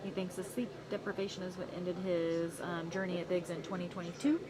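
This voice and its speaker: A woman's voice: lowish voice, little pitch movement, fairly quick, rough recording. A woman commentating on a race livestream outdoors, talking in a rambling way with many fillers. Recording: loud crowd behind.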